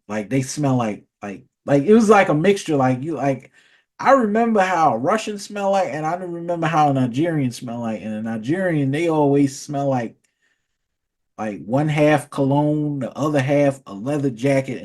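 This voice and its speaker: A man's voice: medium pitch, lively intonation, moderate pace, darkish tone. A man ranting casually in a vlog, rambling and profane, often restarting and repeating words. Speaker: vlogger. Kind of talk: casual storytelling rant.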